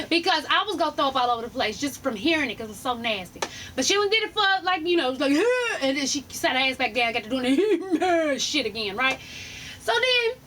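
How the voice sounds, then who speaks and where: A woman vlogger telling a profane, animated story in a casual storytime rant, laughing as she goes. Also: sits high, slight background noise.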